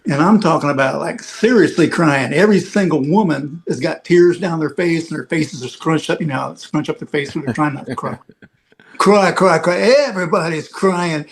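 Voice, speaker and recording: Man, slightly high voice, rambling anecdotal roadie storyteller, filler-heavy. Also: fairly quick, a little hiss or hum. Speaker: veteran rock roadie guest. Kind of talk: casual storytelling on a podcast.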